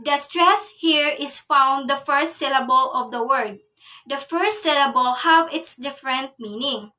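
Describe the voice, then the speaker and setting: A young woman giving a class report, reading from her notes in a measured way. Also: high voice, bright, forceful tone, distant mic. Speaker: student presenter.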